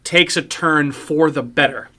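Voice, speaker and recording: A man's voice: a little high, measured pace, pushed and bright. A man hosting a casual horror podcast chat, leading the talk and swearing freely. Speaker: podcast host.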